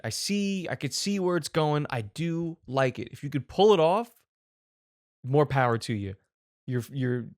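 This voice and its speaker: A man hosting a commentary show, talking casually in an animated, sarcastic way and often repeating himself. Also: medium pitch, no room sound, studio quality. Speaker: host.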